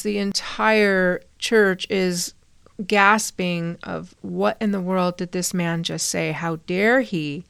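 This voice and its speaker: Middle-aged woman, solo podcast host, earnest storytelling, gravelly but smooth, dry close sound. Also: lowish voice, fairly even intonation, takes it slowly, fairly bright tone, no room sound. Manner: earnest, recounting a story with quoted lines. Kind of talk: reflective solo podcast talk.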